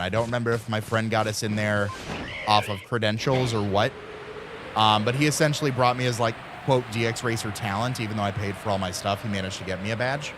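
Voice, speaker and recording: Here the same kind of speaker, a male streamer in his thirties with a medium-pitched voice, rambles through a casual tale over background noise. Fillers crop up constantly, and he voices his friends' lines himself.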